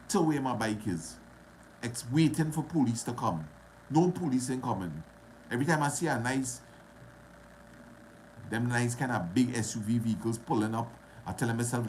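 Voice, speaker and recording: Trinidadian man, casual vlog storyteller, dramatic repetition, mid-pitched voice. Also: slight background noise. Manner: animated, dramatic retelling with repetition and dialect.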